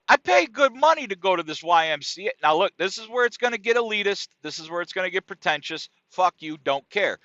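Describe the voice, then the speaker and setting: A man's voice: high-pitched, dry recording. A man hosting a comedy podcast, telling a story as a casual, profane rant and often asking "right?" and "dude". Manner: animated, profane, keeps checking in with "right?" and "dude". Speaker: podcast host. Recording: dry, dull lo-fi sound.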